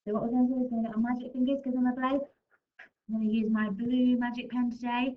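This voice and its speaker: A woman's voice: a little high, little pitch movement, highs cut off. Sing-song English woman teaching phonics. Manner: slow, sing-song, exaggerated sounding out of letters. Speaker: primary school teacher. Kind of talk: recorded phonics lesson for young children.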